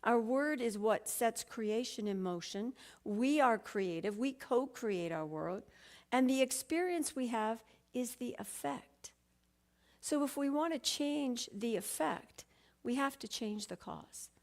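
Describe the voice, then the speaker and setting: A woman's voice: a little high, expressive, takes it slowly. Earnest woman giving a sermon. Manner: earnest, reads a story aloud. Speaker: minister. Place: church sanctuary.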